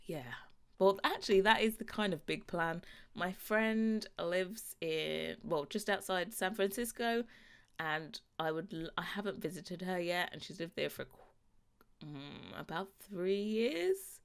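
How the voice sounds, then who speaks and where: A woman's voice: on the low side, animated, takes it slowly, smooth. A young woman from London with a London English accent, chatting casually and rambling over gameplay, often breaking into laughs. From London, England. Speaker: gaming YouTuber.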